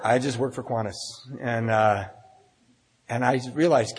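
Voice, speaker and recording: A man's voice: medium pitch, moderate pace, breathy edge. A man telling a personal story live in a candid, wry, self-deprecating way. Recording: long reverb in a large hall.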